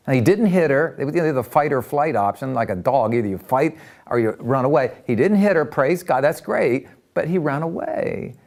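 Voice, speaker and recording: Older man, interview guest, animated storyteller, voice rising and falling a lot, stumbles and repeats words. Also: mid-range voice, moderate pace. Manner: lively, acts out voices in anecdotes, repeats words. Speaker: interviewee, counselor.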